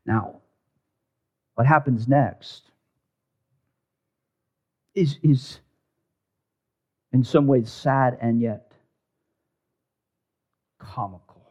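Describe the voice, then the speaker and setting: Slow, dramatic male preacher, dull recording. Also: medium pitch. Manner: dramatic, swings from loud emphasis to hushed near-whisper. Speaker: pastor. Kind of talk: sermon.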